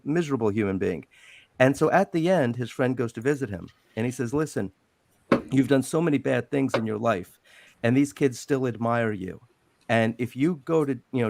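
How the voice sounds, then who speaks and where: A middle-aged man retelling an old film story at length on a video call, rambling and animated, acting out quotes. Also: medium pitch, dry recording. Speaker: guest on a live panel. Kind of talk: casual storytelling on a group call.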